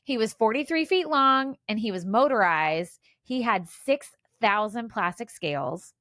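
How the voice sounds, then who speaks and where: A woman's voice: fairly high pitch, expressive, a little slow, sharp tone, no echo, studio quality. A woman in her forties co-hosting a podcast, chatting casually and sharing trivia with lots of fillers and restarts. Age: 40s. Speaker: podcast co-host. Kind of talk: casual chat.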